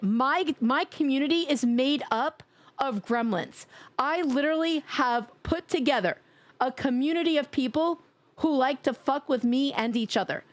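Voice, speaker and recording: A woman streaming live in a casual, playful chat, teasing her viewers and laughing loudly. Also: dry recording. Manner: drops to a low sultry tease at times.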